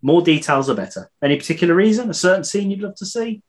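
A man's voice: sits high, animated, fast talker. Chatty man hosting a podcast. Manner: chatty, laughs between lines. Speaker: podcast host. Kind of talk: casual chat, reading listener answers.

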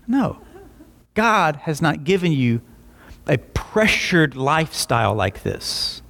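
A young adult man preaching a sermon, telling stories with lively voiced asides. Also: on the high side, measured pace, a little hiss or hum. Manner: animated storytelling with voiced asides. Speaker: pastor.

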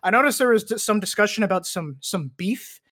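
A man's voice: high-pitched, lively intonation, fairly quick, a bit bright. Teasing young man hosting a podcast. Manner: teasing, mock-annoyed, laughs often. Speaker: podcast host. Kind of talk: casual chat. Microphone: joining over a voice chat call.

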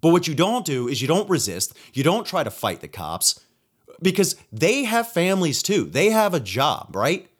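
Heated, animated man ranting solo. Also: fairly high pitch, moderate pace, breathy edge. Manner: heated, profane, rambling with restarts and acted-out quotes. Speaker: podcast host; nurse. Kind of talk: opinionated solo rant.

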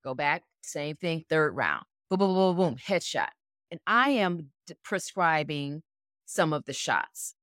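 Low-voiced woman coaching mental skills. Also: unhurried, no echo, clean studio sound. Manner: animated, plays out scenarios step by step. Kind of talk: explanatory interview answers.

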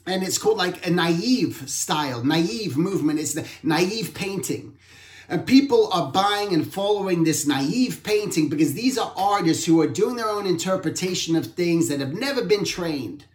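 A man's voice: high voice, animated, normal speed. A man giving an informal art talk, reflective and rambling, often correcting himself mid-sentence. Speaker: art instructor. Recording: roomy echo.

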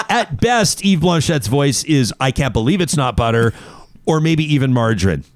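A man hosting a talk radio show, opinionated and animated, talking in quick asides with his co-hosts. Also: mid-range voice, no room sound. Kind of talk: casual talk radio banter and ad reads.

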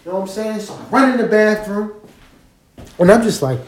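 A man casually telling a story straight to his listeners, animated and profane, often checking that they follow him. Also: high-pitched, a little fast, pauses often. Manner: animated, profane, keeps asking listeners to agree. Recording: roomy echo.

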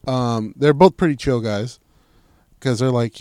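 A man's voice: medium pitch, unhurried, a little mellow, clear, resonant tone, no room sound, studio quality. A man co-hosting a crude podcast from a parked car at night, telling a story loosely and with lots of swearing. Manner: loose, profane storytelling with acted-out quotes. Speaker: podcast co-host. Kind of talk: crude casual chat.

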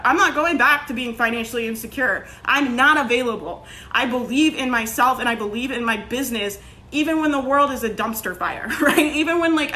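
Here a business coach, a young woman, delivers a laid-back pep talk in a slightly high, bright and forceful voice. Her candid delivery includes occasional swearing and frequent "like" and "right?".

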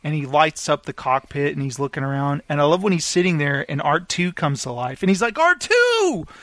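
A man's voice: a little high, steady tone, brisk, fairly bright tone, dry recording. A man in casual film discussion, animatedly retelling scenes and briefly acting them out.

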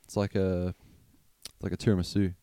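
A man's voice: deep voice, flat delivery, a little fast, mellow, clean tone, no room sound. A man co-hosting a podcast in casual chat, joking around with goofy tangents and correcting his co-host.

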